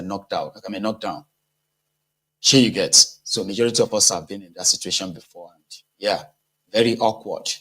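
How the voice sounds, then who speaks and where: A man's voice: lowish voice, fairly bright tone, low-quality recording. A man with a Nigerian accent giving casual political commentary, talking conversationally and asking rhetorical questions.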